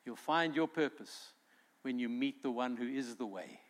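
A man's voice: mid-range voice, lively intonation, normal speed. Earnest male pastor preaching. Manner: earnest preaching with acted-out quotes. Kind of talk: sermon.

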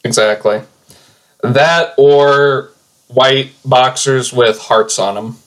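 A man co-hosts a casual podcast over an online call. His voice sits at an ordinary pitch, and he mostly drops in brief reactions and dry one-liners. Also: fairly even intonation, slow, fairly bright tone, low-quality recording. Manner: short reactive comments and dry quips. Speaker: podcast co-host. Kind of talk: casual chat.

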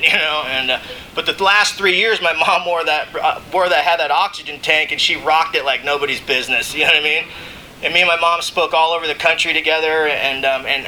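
Bright-voiced man sharing his recovery story. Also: a little high, slight background noise, rough recording. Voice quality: emotional, laughs between lines. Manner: conversational storytelling, frequent "you know what I mean". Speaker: recovering alcoholic speaker. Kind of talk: AA share, speaking to a meeting.

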